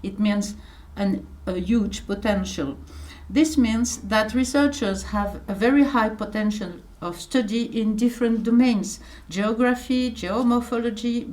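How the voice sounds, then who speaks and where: A middle-aged French-accented woman delivers a conference lecture in her second language. Her voice sits slightly high, and she moves carefully from phrase to phrase, with frequent hesitant pauses and fillers. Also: a little mellow. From France. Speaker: archaeologist giving a conference talk.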